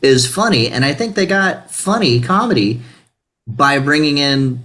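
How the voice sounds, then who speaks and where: A man's voice: mid-range voice, lively intonation, unhurried, sharp tone. A male guest co-host in a casual podcast chat, chiming in briefly and agreeably. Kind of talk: casual chat over a video call.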